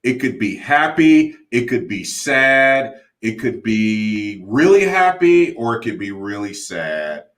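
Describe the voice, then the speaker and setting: A man co-hosting a playful kids' show with a puppet, speaking in a slow, friendly, drawn-out way. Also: fairly low pitch, big pitch swings, fairly bright tone.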